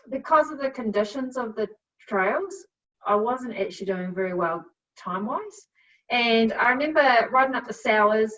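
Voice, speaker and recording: A middle-aged woman with a New Zealand accent telling her story as a podcast guest, chatty and quick to laugh, with plenty of fillers. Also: a little high, fairly bright tone. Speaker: guest, cycle coach. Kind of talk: casual storytelling. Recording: dull, a bit distant from mic.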